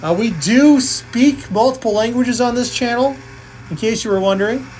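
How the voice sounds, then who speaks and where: A woman's voice: on the high side, moderate pace, darkish tone, a little hiss or hum, poor audio. A woman hosting a live coin-pusher game stream, calling plays and tallying scores in a playful, jokey way. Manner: playful, jokey, counting totals aloud. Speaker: live game show host. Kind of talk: live-stream play-by-play commentary.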